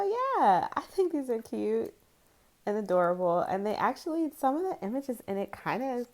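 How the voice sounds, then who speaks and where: A woman's voice: medium pitch, gravelly. A woman in her forties, chatting casually to camera as a tarot video creator, rambling and chatty, with frequent giggles.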